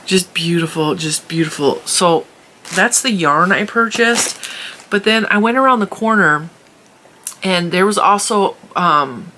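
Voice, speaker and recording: A woman chatting casually as a crochet vlogger, animated, laughing often and acting out what people said. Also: medium pitch, takes it slowly, slight background noise. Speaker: crochet YouTuber. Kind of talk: casual chatty vlog storytelling. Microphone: camera in a room at home.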